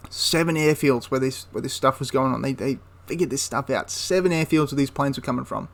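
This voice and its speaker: A man's voice: medium pitch, brisk, creaky. A man casually retelling a wartime story for a history channel, rambling with frequent restarts and asides.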